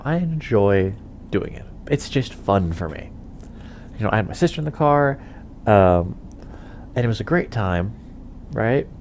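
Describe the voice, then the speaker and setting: Playing a game, a young man who runs a gaming channel talks casually in a lowish voice. He rambles, chuckles and uses lots of fillers, and a little hiss or hum sits under the audio.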